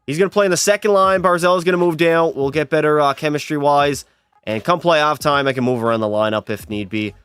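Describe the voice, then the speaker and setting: A man's voice: on the high side, a bit bright, clean tone, dry recording. A young man live-streaming a hockey video game, chatting and teasing his viewers as he plays. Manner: chatty, teasing, banters with chat.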